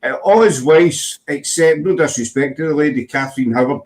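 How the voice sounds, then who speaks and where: A man's voice: a little high, fairly quick, a little mellow. A man with a Glaswegian accent hosting a casual chat, rambling and restarting his sentences. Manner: rambling, full of fillers and restarts. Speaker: host.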